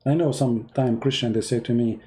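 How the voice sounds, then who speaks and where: A man's voice: mid-range voice, steady tone, brisk, dark tone. A man giving mocking, emphatic religious commentary in non-native English, full of sarcasm. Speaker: religious debater.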